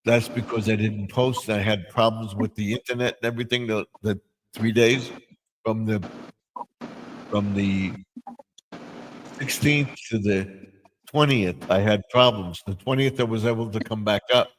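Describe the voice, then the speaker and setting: A man's voice: fairly low pitch, measured pace, pauses often, slight background noise, poor audio. An older man hosting a live stream, chatting casually and rambling, with many restarts and fillers. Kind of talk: casual chat.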